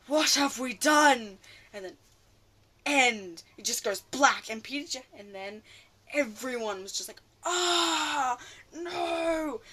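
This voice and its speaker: A woman ranting casually about a film, rambling excitably and often losing her train of thought. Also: medium pitch. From Australia. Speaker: vlogger.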